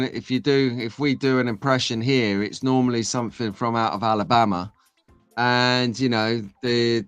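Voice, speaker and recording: A man's voice: medium pitch, a bit bright, clear, resonant tone, no echo. Guy rambling to his stream chat, just woke up, dry close sound. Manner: chatty, jokey banter with the chat. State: just woken up. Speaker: host. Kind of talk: casual live-stream chat.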